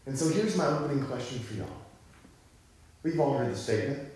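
A man's voice: mid-range voice, lively intonation, brisk, darkish tone. Man preaching in an echoey hall. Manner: conversational storytelling, building to fervent emphasis. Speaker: pastor. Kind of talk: sermon.

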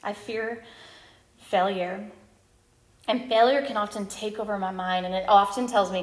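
A woman in her thirties, a speaker at a women's ministry gathering, giving a candid, self-deprecating personal testimony with lively storytelling. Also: medium pitch, unhurried, pauses often, echoey room.

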